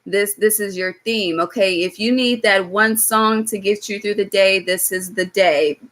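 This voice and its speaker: A woman's voice: mid-range voice, a little slow, a bit bright. A young woman giving a casual live-stream tarot reading, blunt and swearing freely, often checking in with "okay?". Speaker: tarot reader.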